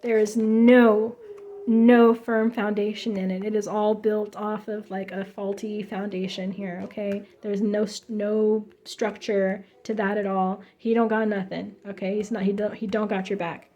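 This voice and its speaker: A woman's voice: mid-range voice, little pitch movement, unhurried, mellow. A woman giving a casual tarot reading in an emphatic, chatty way, full of fillers and restarts. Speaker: tarot reader.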